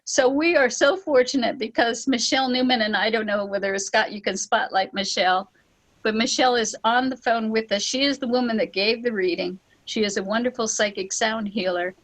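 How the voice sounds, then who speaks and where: Woman, spiritual storyteller, higher pitch, animated, acts out voices. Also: brisk, rough recording. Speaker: spiritual teacher and ceremony leader. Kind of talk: storytelling talk on an online call.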